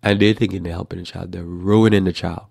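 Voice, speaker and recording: A man giving a live Bible teaching talk, animated, now and then acting out whiny children and doting parents. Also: sits low, fairly quick, gravelly, no room sound, studio quality. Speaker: preacher.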